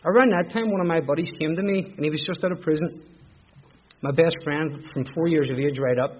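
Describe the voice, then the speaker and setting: A man's voice: a little high, fairly even intonation, fairly quick, a little hiss or hum. A middle-aged man with a Belfast accent, candidly telling his own recovery story as personal testimony, with emotional repetitions. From Northern Ireland. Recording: dull lo-fi recording.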